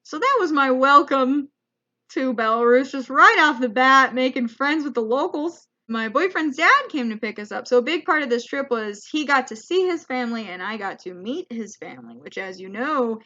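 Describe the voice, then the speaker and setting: A woman's voice: high-pitched, animated, normal speed, bright, forceful tone, lo-fi sound. A young woman, a comedian, telling a rambling, self-deprecating travel story as a vlog monologue. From United States. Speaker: comedian vlogger.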